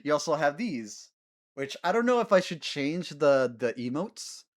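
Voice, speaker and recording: A man streaming a game, chatting casually with his viewers in a giggly, animated way. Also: fairly high pitch, normal speed. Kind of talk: casual gaming stream chat.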